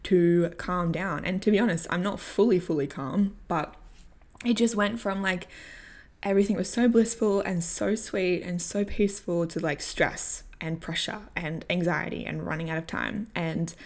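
This personal growth vlogger, a young woman, mixes storytelling with coaching advice in a relaxed, candid manner. She laughs a lot and curses without hesitation. Her voice sits on the low side with a darkish tone, at a moderate pace.

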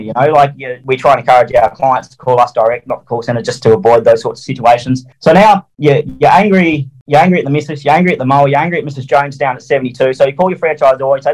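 A man's voice: medium pitch, fast talker, hardly any pauses, darkish tone, low-quality recording. A man telling a work story as an interview guest, blunt and colloquial, swearing freely and acting out little quotes. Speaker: interview guest, mowing franchisee.

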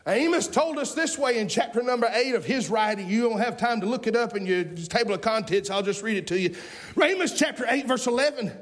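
A man in his forties preaching a sermon in a folksy way that rises into shouting. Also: very high voice, expressive, fairly quick. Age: 40s. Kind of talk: fiery sermon.

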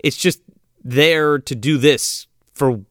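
A man's voice: medium pitch, slow pace, no echo, clean studio sound. A man casually recapping a movie with friends, swearing freely and acting out the characters' lines. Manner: profane, animated retelling with acted-out quotes. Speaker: podcast co-host.

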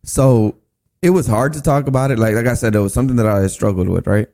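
A man speaking as a guest on a church podcast discussion, earnest and halting, often restarting his sentences. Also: medium pitch, dark tone.

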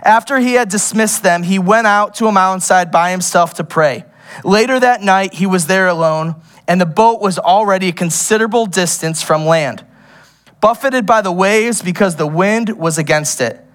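Animated high-voiced young male preacher. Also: moderate pace. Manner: animated, laughs often, goes off on tangents. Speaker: pastor. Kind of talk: sermon.

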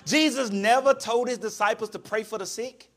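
A man's voice: high voice, moderate pace. A man preaching a fiery sermon, punctuating nearly every phrase with amens and hallelujahs in a call-and-response style.

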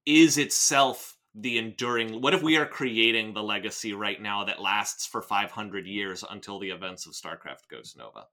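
A man's voice: on the low side, bright, forceful tone. A man hosting a casual podcast, rambling and joking, with frequent swearing and restarts as he picks apart a novel. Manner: rambling, jokey, swears often, many restarts. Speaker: podcast host reading and analyzing a novel.

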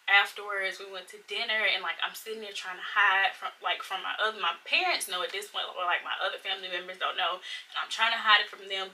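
Bright-voiced woman sharing an earnest testimony. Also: medium pitch, distant mic, low-quality recording. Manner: emotional, earnest, many "like"s and "y'all"s. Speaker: podcast co-host. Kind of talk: casual faith testimony chat.

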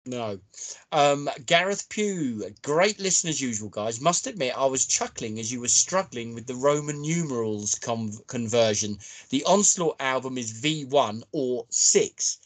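A man's voice: medium pitch, animated, a little slow. A man from the United Kingdom co-hosting a podcast, casually bantering and reading out listener messages, with the odd swear. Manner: banter, swears freely, reads comments aloud. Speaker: podcast co-host.

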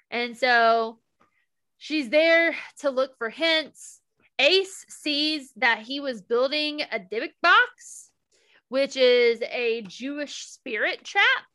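A young woman chatting casually as a podcast co-host, bright and a little high in tone. She recaps the story with open, gushing feeling, easily moved. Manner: emotional, gushing recap with laughs and quoted lines. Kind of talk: casual chat.

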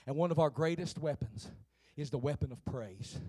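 A man preaching a sermon in a church, building from low talk up to shouting with the congregation. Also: normal speed, slightly rough. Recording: piano music behind.

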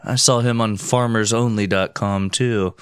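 A man co-hosting a podcast, throwing in deadpan wisecracks and banter. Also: fairly low pitch, unhurried, smooth, no echo, studio quality. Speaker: podcast co-host. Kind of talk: comedic banter.

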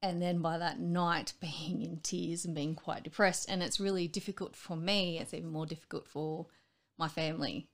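An Australian woman chatting casually on a podcast, telling candid, animated stories and acting out other people's voices. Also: lowish voice, normal speed. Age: adult with school-age children. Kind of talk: casual chat.

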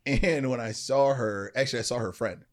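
A man's voice: medium pitch, a little fast. A middle-aged man, a motivational speaker, telling a personal story as an interview guest in an earnest way, often checking in with "right?" and "you know".

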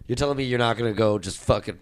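A man's voice: mid-range voice, racing. A man co-hosting a podcast, joking and arguing in casual banter with friends. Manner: joking, swearing, argumentative. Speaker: podcast co-host.

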